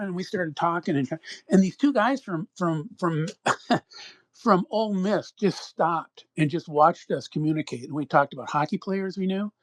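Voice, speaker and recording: As a podcast co-host, this middle-aged Minnesotan spins a long, casual personal anecdote, rambling and acting out the voices he quotes. He speaks at a normal speed in a slightly high voice, recorded with no echo.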